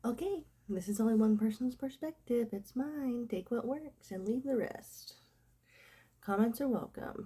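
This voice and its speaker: A woman's voice: fairly high pitch, a little slow, dark tone, husky. A young woman with a stuffy nose and nasal sound from a cold, hosting a devotional recovery talk and reading scripture, with rambling, filler-heavy speech. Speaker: host of a devotional recovery series.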